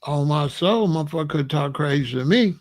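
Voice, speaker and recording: A man's voice: fairly high pitch, lively intonation, fairly quick. A man from the United States giving a boastful, confrontational, profane monologue.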